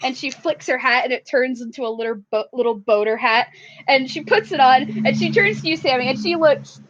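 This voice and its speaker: Giggly high-voiced woman narrating a game. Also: fairly quick, a bit bright. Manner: giggly, rambling. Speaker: tabletop roleplay player. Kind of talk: casual roleplay narration. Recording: dull lo-fi recording.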